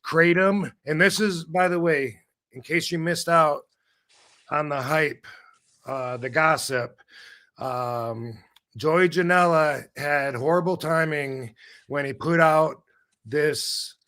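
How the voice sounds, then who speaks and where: A middle-aged man hosting a casual live-stream chat, rambling and animated, swearing freely as he talks over a video call. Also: a little high, slow. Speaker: show host. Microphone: video call setup.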